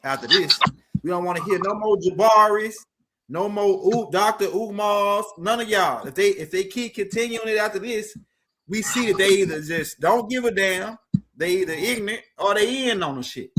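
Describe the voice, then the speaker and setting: A male livestream host wraps things up in a blunt, emphatic tone. His voice is fairly high for a man, and clear background noise runs through the stream audio. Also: moderate pace, fairly bright tone. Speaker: show host. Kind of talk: livestream talk show.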